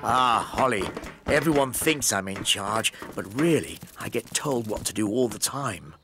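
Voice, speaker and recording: A man's voice: fairly low pitch, animated, a little slow, noisy background. A man voicing a meek, put-upon middle-aged fairy king who talks in a mild, flustered way. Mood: weary.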